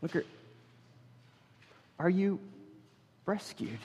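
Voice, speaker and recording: High-voiced pastor preaching in a reverberant church. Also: male voice, normal speed. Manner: animated, swings between loud emphasis and hushed intensity; joking, storytelling asides. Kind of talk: sermon. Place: church sanctuary.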